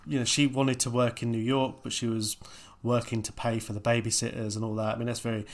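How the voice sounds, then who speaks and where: A man's voice: medium pitch, flat delivery, quick pace. A man, co-hosting a casual film chat with dry, wry asides. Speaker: podcast co-host.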